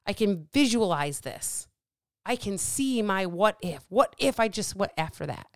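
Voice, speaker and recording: A woman hosting a podcast alone from a small dark office, asking repeated rhetorical questions in a fired-up motivational monologue. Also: medium pitch, lively intonation, unhurried, no room sound, clean studio sound. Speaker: podcast host.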